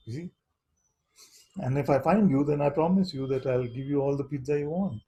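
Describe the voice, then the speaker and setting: Mellow, husky-voiced male spiritual teacher. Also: a little high, rough recording. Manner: unhurried, questioning, keeps asking "you see?". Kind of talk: satsang talk to seekers.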